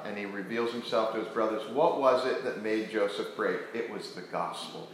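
A man preaching a sermon to a church congregation, posing questions to them in an earnest, animated way. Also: on the low side, normal speed, few pauses, a little hiss or hum. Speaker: pastor. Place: church sanctuary. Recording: very echoey church hall.

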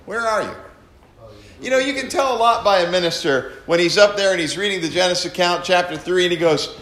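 A man teaching a sermon to a congregation, animated, acting out readings in different tones. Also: high-pitched, fast talker. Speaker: pastor. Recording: echoey room.

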